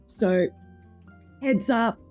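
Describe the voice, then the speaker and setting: An Australian woman excitedly commentating a game playthrough, gushing and reading lines aloud. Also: on the high side, drawn-out words. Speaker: streamer. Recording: faint music in the background.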